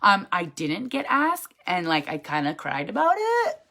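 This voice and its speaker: A woman's voice: fairly low pitch, huge pitch swings, measured pace, gravelly, sharp tone. A woman who leads a network marketing team, giving a casual, chatty motivational talk in a frank, emphatic manner.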